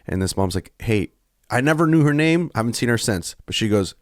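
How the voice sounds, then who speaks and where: A man's voice: medium pitch, lively intonation, fast talker, no echo, studio quality. A man co-hosting a podcast, talking earnestly and at length in a candid, emotional conversation, often breaking off and restarting. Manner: earnest, rambling, self-interrupting. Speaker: podcast co-host.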